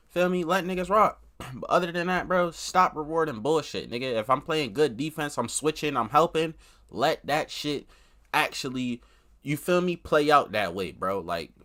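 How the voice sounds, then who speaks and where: Young man, streamer, casual live commentary, profane, slangy, animated swings in pitch. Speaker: streamer reacting to a developer interview.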